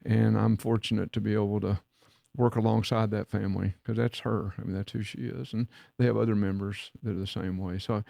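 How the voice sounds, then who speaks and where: A man's voice: on the low side, flat delivery, brisk, creaky, mellow, no echo, clean studio sound. A man, co-hosting a podcast, telling a story in a folksy way and acting out the dialogue. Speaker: podcast co-host and leadership mentor. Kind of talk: casual storytelling chat.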